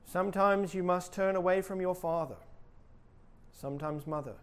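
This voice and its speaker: A man's voice: high voice, normal speed, smooth. A male pastor preaching a sermon with emphatic delivery and rhetorical questions.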